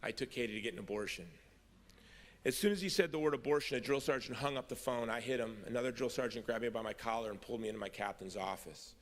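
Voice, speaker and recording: Long hall reverb surrounds a middle-aged convention speaker as he races through his personal testimony at a quick pace with hardly any pauses. His voice is mid-range, and his wry humour shifts into earnestness.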